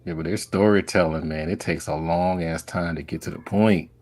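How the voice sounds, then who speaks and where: A man's voice: low voice, steady tone, normal speed, a little mellow. A man co-hosting a casual group chat in a laid-back, slangy way, laughing often. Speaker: podcast co-host.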